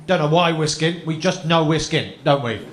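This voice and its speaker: A man's voice: fairly high pitch, moderate pace. A young man doing a stand-up routine as a chat show guest, chatty and self-mocking, throwing tag questions at the crowd. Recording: echoey live venue with faint noise.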